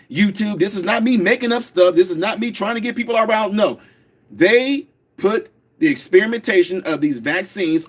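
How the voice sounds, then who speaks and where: A man hosting a radio talk show, speaking fast and preachy and slowing down to stress words. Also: high-pitched. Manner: preachy, emphatic, repeats words slowly for stress. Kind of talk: fast call-in radio talk, streamed live.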